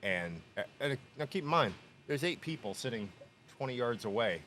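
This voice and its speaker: A man's voice: mid-range voice, very animated, normal speed, a bit bright, slight background noise. A man on a shop podcast telling a story in casual chat, laughing often and acting out the quotes. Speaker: podcast co-host. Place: workshop podcast room.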